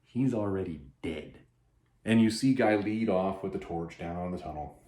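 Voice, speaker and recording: A man casually recapping a comic book, animated and rambling, often restarting his sentences. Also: low voice, moderate pace. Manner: animated, rambling, self-interrupting. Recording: roomy echo.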